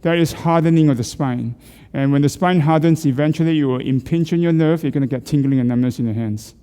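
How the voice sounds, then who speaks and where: This middle-aged man talks fast in a mellow voice on the high side, his words echoing through a large church hall. He leads the group's neck exercises, coaching, questioning and joking with the class.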